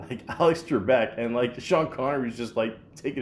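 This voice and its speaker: A man's voice: mid-range voice, moderate pace, a little hiss or hum. A man hosting a podcast in casual chat, rambling with lots of fillers and frequent laughs. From Canada. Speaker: podcast host.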